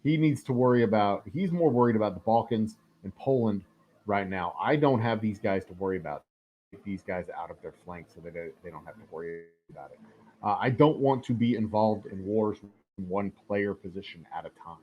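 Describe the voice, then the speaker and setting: On a dull lo-fi recording with slight background noise, a man with a lowish voice talks briskly while live-streaming a strategy game. His casual commentary is rambling and filler-heavy, with joking asides and an occasional swear.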